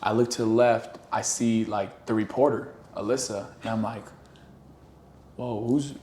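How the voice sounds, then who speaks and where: A young athlete recounting a game moment in a relaxed, easygoing way. His voice sits in the middle range. The room sounds echoey with a faint hiss. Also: on the low side, measured pace. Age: young adult. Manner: relaxed storytelling. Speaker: college football player, guest. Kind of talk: casual podcast chat.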